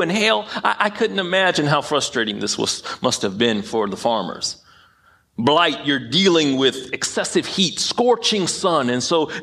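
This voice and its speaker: A man's voice: sits high, a bit bright. A man preaching a sermon in an emphatic way, often repeating phrases and tripping over his words. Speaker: pastor.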